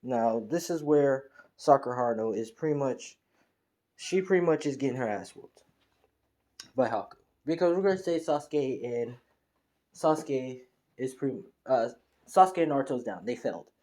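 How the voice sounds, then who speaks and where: A man's voice: medium pitch, lively intonation, normal speed, mellow. A man improvising a fan story, rambling along with many restarts and fillers.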